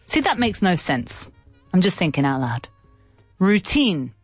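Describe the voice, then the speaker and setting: Woman radio host, chatty and teasing, animated pitch, dry close mic. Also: moderate pace, breathy edge, no echo, faint music behind. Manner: chatty, playful, laughs often, swoops up in pitch. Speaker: radio co-host and English teacher. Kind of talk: casual radio chat teaching English.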